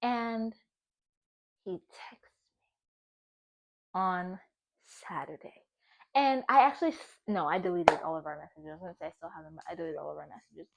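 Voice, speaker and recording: A young woman spilling a story in her home kitchen as she bakes. She talks casually and swears freely. Her voice is lively and animated, and she laughs often. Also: fairly low pitch, fast talker, gravelly. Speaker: vlogger. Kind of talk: casual storytelling while baking.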